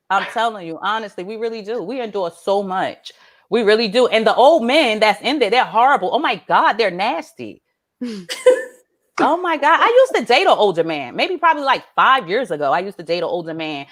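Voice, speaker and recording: A woman performs stand-up on a club stage, her voice high and swooping widely as she tells her jokes. She is brash and profane and keeps breaking into laughter at her own lines. The sound comes through a handheld stage mic. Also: big pitch swings, normal speed, a bit bright. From Atlanta, Georgia. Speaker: stand-up comedian. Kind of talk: stand-up comedy set.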